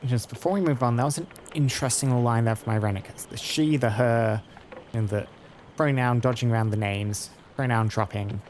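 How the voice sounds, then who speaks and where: A man's voice: mid-range voice, moderate pace, a little mellow, slight background noise. A man chatting casually while playing through a video game, musing aloud about the story. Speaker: let's play host. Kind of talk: casual gameplay commentary.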